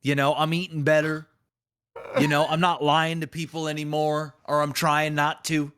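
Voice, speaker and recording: A man co-hosting a casual gaming podcast, telling an animated story that acts out a made-up scenario. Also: a little high, normal speed, smooth. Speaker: podcast co-host.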